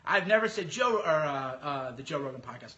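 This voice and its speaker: A man talking casually on his podcast, his voice pitched high and bright. He gets animated and slips into mocking impressions of other people as he goes. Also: brisk, highs cut off. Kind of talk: casual monologue.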